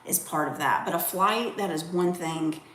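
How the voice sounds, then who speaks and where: A woman's voice: fairly low pitch, normal speed, a bit bright. Chatty Southern woman, echoey room. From American South. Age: 40s. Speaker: co-host. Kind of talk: casual livestream chat. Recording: echoey room with faint noise.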